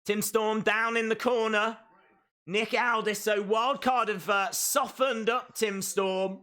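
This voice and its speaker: A man hosting a live wrestling watch-along, calling the action and breaking into excited shouts. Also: high voice, takes it slowly. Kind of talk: live wrestling reaction commentary.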